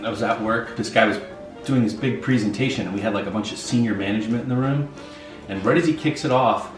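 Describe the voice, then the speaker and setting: A man telling a funny story from work in an animated way, full of "like" fillers. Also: medium pitch, fairly quick, soft background music. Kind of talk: casual storytelling. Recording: echoey room, away from the mic.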